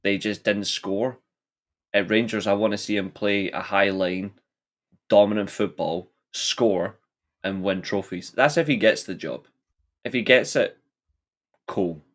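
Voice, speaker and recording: A man's voice: lowish voice, measured pace, long pauses, a bit bright. A man co-hosting a casual football podcast, giving blunt, heated opinions. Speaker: podcast co-host.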